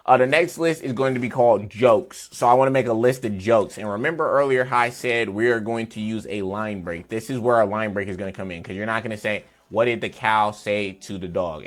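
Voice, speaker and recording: A man with a fairly low voice walks beginners through code in a relaxed, chatty way, full of fillers and little jokes. He sounds like he is talking at his desk mic, with soft music faintly underneath. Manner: loose, chatty explaining with fillers and playful asides. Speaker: programming teacher. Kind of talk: casual screen-share coding tutorial.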